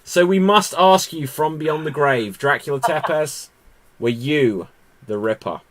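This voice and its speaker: Guy hosting an improv game on a call, highish voice, drawn-out dramatic announcing. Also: animated. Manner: theatrical announcer delivery. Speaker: game host. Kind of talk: hosting a live improv murder-mystery game.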